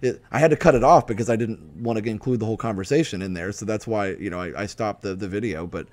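Stream host, young man, lowish voice, rambling casual storyteller. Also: fast, darkish tone. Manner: rambling, self-interrupting storyteller with frequent fillers. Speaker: livestream host. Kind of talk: casual live stream chat.

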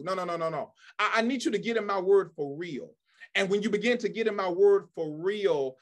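A man preaching an impassioned sermon, emphatic and often asking the congregation if they follow him. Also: high voice. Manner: emphatic, call-and-response questions to the crowd.

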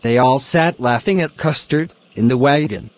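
A man teaching a poem, explaining its lines and word meanings slowly and deliberately. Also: mid-range voice. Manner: slow, deliberate, glossing words one by one. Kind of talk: educational explanation.

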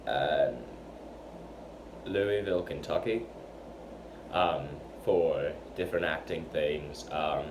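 A man's voice: extremely low pitch, takes it slowly, pauses often. A teenage boy talking about himself in an unscripted personal vlog, hesitant, with many fillers and restarts. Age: teens. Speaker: fan channel member. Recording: noisy home recording.

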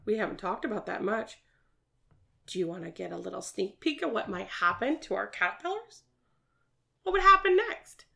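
A woman's voice: mid-range voice, expressive, normal speed, vocal fry, bright, forceful tone. A woman teaching a virtual preschool science lesson, asking young children lots of questions and praising their answers in a sing-song teacher manner.

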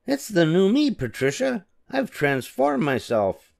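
A man's voice: sits high, huge pitch swings, a little slow, gravelly, darkish tone, voice pushed up, exaggerated voice. An older man voicing a vain, dramatic young female hamster in a storybook reading, gushing and theatrical.

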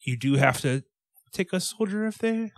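A man co-hosting a comedy podcast, talking in a mock-earnest, halting way with many restarts. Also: high voice, expressive, no room sound. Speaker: podcast co-host. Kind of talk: deadpan comedic podcast banter.

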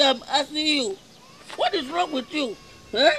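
A man with a Nigerian accent acting in a comedy film, loud, whiny and melodramatic, with light music behind him. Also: very high voice, unhurried, vocal fry, long pauses, slight background noise. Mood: scolding. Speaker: comic lead actor. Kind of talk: Nollywood comedy acting in Pidgin.

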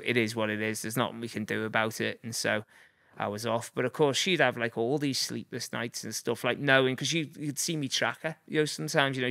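A man's voice: medium pitch, vocal fry, a bit bright, no room sound, clean studio sound. A man in his forties with a Liverpool accent, telling stories in a rambling, casual way with lots of fillers. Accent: Liverpool (Scouse). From Liverpool, England. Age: 40s. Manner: rambling, many fillers, acts out voices. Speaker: guest. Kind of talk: casual storytelling.

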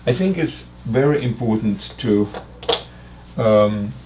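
An older man teaching math, working slowly through a logic puzzle aloud with frequent restarts. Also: fairly low pitch, lively intonation, noisy background. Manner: halting, restarts and fillers while reasoning aloud. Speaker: math lecturer.

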